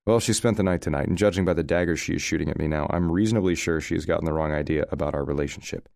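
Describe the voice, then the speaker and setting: A man's voice: rumbling low, racing, gravelly, a little mellow, no echo. A man narrating a first-person romance audiobook in a wry, conversational way, recorded close to the mic.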